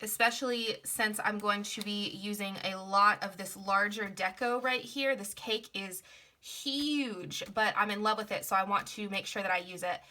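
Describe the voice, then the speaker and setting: Young woman, bright tone, stuffy nose, chatty and rambling, casual planner vlog. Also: mid-range voice. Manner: chatty and rambling, with frequent fillers. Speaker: planner vlogger. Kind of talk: casual plan-with-me chat.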